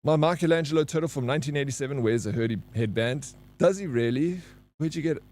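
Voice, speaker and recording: A man's voice: fairly high pitch, fast, darkish tone, dry recording. A man with a South African accent from Johannesburg, chatting casually on a live stream, reading chat and greeting viewers by name. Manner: laid-back, reads chat aloud and greets viewers by name. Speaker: game streamer.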